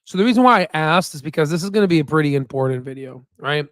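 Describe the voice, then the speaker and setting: A chatty man talks casually to his viewers, repeating himself and laughing easily. His voice sits somewhat high for a man. The sound is close and dry. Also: lively intonation, quick pace, a bit bright, dry recording. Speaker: stock investing channel host. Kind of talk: casual livestream chat. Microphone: new desk microphone.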